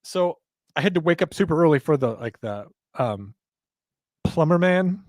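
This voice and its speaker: A man's voice: on the high side, animated, moderate pace, darkish tone, no room sound, clean studio sound. Tired man hosting a casual livestream. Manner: rambling, self-deprecating, chatty asides. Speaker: host. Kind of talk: casual livestream chat, reading viewer comments. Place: home office.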